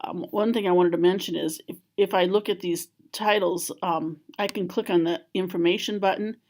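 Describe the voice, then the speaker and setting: Speaking at normal speed, a woman with a rather low voice leads a screen-recorded software tutorial. She guides viewers through every click and menu calmly and plainly, in the style of a school library trainer.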